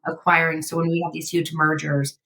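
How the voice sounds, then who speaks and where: A woman's voice: deep voice, little pitch movement, a little fast, vocal fry, sharp tone, slight background noise, rough recording. A middle-aged woman hosting a podcast, chatting in a rambling way with lots of "like" fillers. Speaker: podcast host. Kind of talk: casual interview chat.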